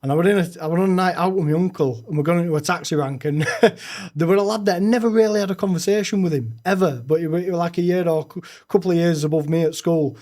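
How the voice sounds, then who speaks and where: A young man, a podcast guest telling his own story frankly, with halting restarts. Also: fairly high pitch, a little mellow. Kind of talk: candid personal storytelling.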